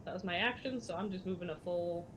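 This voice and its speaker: A woman's voice: lowish voice, quick pace, background noise. A woman playing in a tabletop game, chatty and thinking aloud about the rules. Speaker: player. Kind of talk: casual tabletop play. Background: music.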